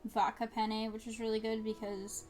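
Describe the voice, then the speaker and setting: A woman's voice: a little high, completely flat delivery, normal speed, a little mellow, soft background music. A young woman from New Jersey, chatting casually and rambling as she streams a game, with many fillers and little laughs. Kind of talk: casual chat while gaming.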